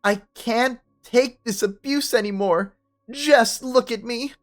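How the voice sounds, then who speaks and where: A narrator voicing a distraught young woman student who yells slowly and shrilly. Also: close to an everyday voice. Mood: anguished yelling. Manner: shrill, loud and slow.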